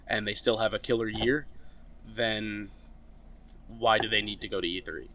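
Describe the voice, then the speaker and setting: A man's voice: lowish voice, fairly even intonation, moderate pace, bright, forceful tone, dry recording. A man who writes about games, a guest on a casual podcast, joking with dry sarcasm. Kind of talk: casual chat.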